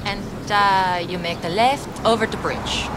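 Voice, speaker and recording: An actress with an Austrian accent playing a passerby who gives plain, matter-of-fact directions. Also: female voice, mid-range voice, unhurried, close to an everyday voice. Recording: film clip with street traffic noise.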